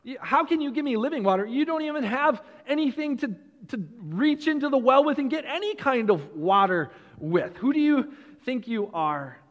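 A man voicing an incredulous Samaritan woman at a well, raising his voice into a higher register and firing off exasperated questions. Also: expressive, moderate pace, long reverb tail, lo-fi sound. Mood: challenging.

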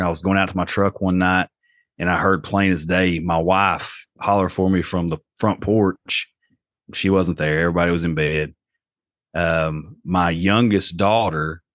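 Man, very deep voice, dry close sound, casual storytelling. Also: no room sound. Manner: relaxed storyteller, acts out quoted voices. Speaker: podcast guest.

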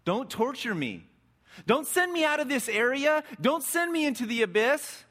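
A man's voice: very high-pitched, big pitch swings, normal speed, fairly bright tone, voice pushed up, heavily acted. A preacher voicing a tormented, demon-possessed man who pleads desperately. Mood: desperate pleading. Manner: desperate, rising to frantic shrieks.

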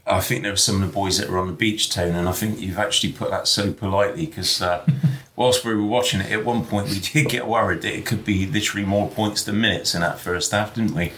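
A man's voice: on the low side, fairly even intonation, fairly quick, a bit bright. A man co-hosting a fan podcast, making wry jokes in casual chat. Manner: wry, joking. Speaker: podcast co-host.

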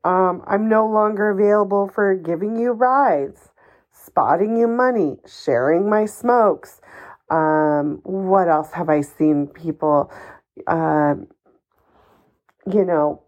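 A woman's voice: fairly low pitch, slow pace, darkish tone, lo-fi sound. A woman hosting a solo advice podcast, talking in an emphatic, encouraging and somewhat ranty way, swearing casually. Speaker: podcast host.

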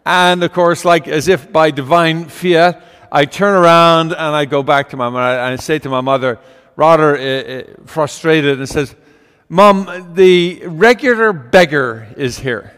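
A man's voice: a little high, steady tone, moderate pace, fairly bright tone, clear, resonant tone, big-room sound. An older man preaching a storytelling homily in a folksy way, with fillers and asides.

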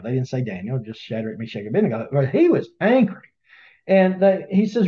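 A man retelling a Bible story in a casual webinar, as an animated storyteller who acts out the voices, on dull lo-fi audio. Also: medium pitch, moderate pace. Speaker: Bible study teacher.

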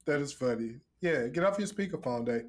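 A man's voice: medium pitch, expressive, brisk. A man co-hosting a podcast in casual chat, joking and upbeat with encouraging words. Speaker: podcast co-host.

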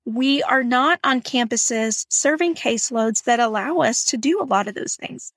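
A woman's voice: fairly high pitch, moderate pace, fairly bright tone, dry recording. A middle-aged woman from Texas with a Texan accent, hosting a podcast and telling a story in a friendly, chatty way. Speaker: podcast host. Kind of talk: casual podcast monologue.

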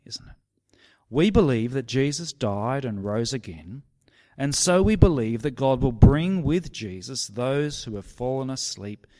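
A man preaching a sermon, slow and emphatic, sometimes dropping his voice to a near whisper for effect. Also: mid-range voice. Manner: slow, emphatic preaching with dramatic drops to a hush. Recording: long reverb of a large hall.

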